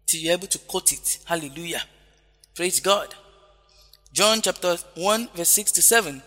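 With a high, bright, forceful voice and lively intonation, a man preaches at a moderate pace. He hammers key phrases, calls out hallelujah frequently, and the audio has long hall reverb with faint music.

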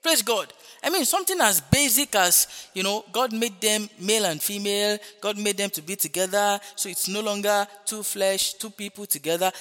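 A man's voice: high voice, pushed and bright, big-room sound. A man preaching a sermon, exhorting his hearers with rhetorical questions and frequent interjections of praise. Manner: emphatic, repeating refrains like "Praise God" and "Hallelujah".

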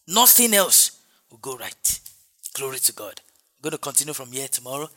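A man's voice: medium pitch, sing-song, moderate pace, pushed and bright. A man preaching a sermon as pastor, with an emphatic, repetitive cadence and frequent exclamations.

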